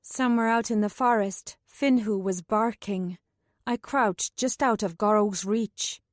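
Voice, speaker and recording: A woman's voice: medium pitch, a little slow, no echo. A woman narrating a first-person fantasy audiobook in a tense, urgent way, close to a studio mic.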